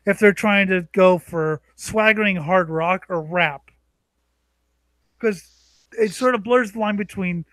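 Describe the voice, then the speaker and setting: A young man co-hosting a podcast, bantering crudely, profane and teasing, quick to laugh. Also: sits high, fairly bright tone, dry recording. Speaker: podcast co-host.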